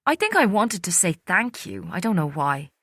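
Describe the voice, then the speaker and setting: A woman reading an audiobook, voicing a gentle middle-aged female social worker with a soft Irish accent. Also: lowish voice, very animated, normal speed, no echo, studio quality. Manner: gentle, soft-spoken, reflective. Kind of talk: audiobook character voice.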